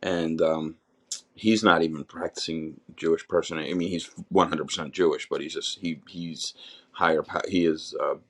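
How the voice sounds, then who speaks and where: A man's voice: rumbling low, steady tone, moderate pace. A middle-aged man, a podcast guest, candidly telling his life story in a raw, rambling way with many restarts.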